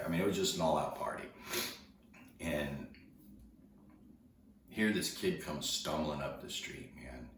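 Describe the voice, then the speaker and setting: A man's voice: a bass voice, slight background noise. A man telling a personal story in a rambling, conversational way, acting out the dialogue as he goes. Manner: rambling, conversational, with repeated restarts and quoted dialogue. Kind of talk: casual storytelling. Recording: echoey room heard from a distance.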